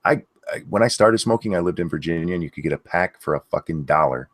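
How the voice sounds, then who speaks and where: Deep-voiced, laid-back man. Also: animated, fast talker, a bit bright, dry recording, studio quality. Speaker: streamer co-host. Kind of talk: casual chat.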